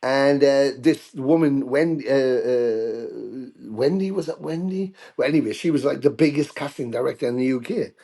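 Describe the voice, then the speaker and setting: A middle-aged British man telling anecdotes in a casual interview, animated when he quotes others. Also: medium pitch, moderate pace. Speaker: guest musician.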